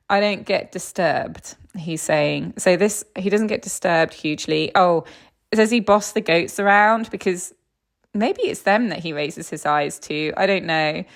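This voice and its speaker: A woman animal communicator talks through a session in a rambling, friendly way, often laughing at what she hears. Her voice sits at a medium pitch with a noticeable gravelly fry. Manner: chatty, filler-heavy, laughs often. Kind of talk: casual spoken reading.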